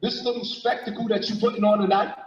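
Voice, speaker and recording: A man's voice: sits high, level tone, fast talker, muffled recording. Confrontational man in a roomy clip. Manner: confrontational, profane. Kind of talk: heated argument on a live panel.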